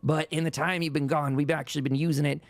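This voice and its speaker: A man voicing a friendly, folksy middle-aged male town leader who greets people warmly. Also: fairly high pitch, fairly even intonation, fast talker, creaky, no echo. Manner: folksy, welcoming.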